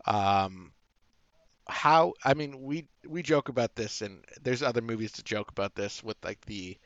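A man co-hosting a casual movie review podcast, talking in an easygoing, halting way. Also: mid-range voice, a bit bright, no echo, muffled recording. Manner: easygoing, halting, laughs along. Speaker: podcast co-host.

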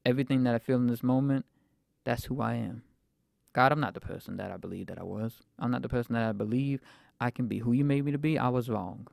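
Young male podcast host, mid-twenties, gravelly, dry close sound, rambling faith testimony. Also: medium pitch, fast, a little mellow, dry recording. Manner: reflective, rambling with fillers.

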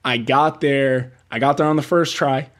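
This man's voice is medium-pitched and moderately paced as he recounts film-set stories in a relaxed interview. Older than typical entry-level production assistants, he acts out quotes with animation and laughs a lot.

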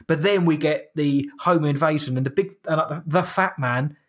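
A man's voice: fairly high pitch, fairly quick, few pauses. A man, co-hosting a casual podcast chat and rambling through a film recap with frequent restarts. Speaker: podcast co-host reviewing a horror film.

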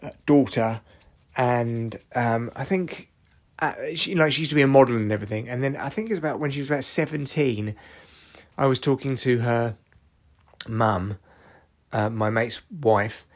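A man's voice: mid-range voice, normal speed. A man in his forties, tired and achy, rambling through a sweary, jokey solo podcast monologue. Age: 40s. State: tired, achy after exercise. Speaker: podcast host.

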